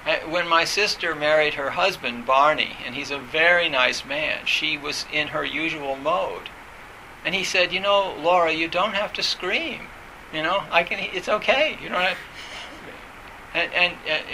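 Male meditation teacher, somewhat high voice, hesitant, restarts a lot. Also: creaky, bright, forceful tone, slight background noise, poor audio. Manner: hesitant, halting, many fillers and restarts. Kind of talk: reflective talk on meditation.

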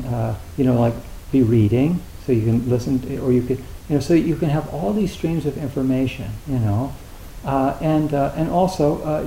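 Recorded in a roomy hall with a faint hiss, this dharma talk comes from a middle-aged man speaking at medium pitch. His delivery is mellow and unhurried but halting, loose and conversational, full of fillers. His humor runs dry, wry and gentle.

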